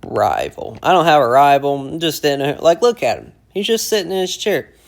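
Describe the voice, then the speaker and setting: A man teaching casually, breaking phrases down slowly and repeating them word by word as he explains their meaning. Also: on the high side, sing-song, gravelly. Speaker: language teacher explaining song lyrics. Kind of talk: casual lyric breakdown lesson.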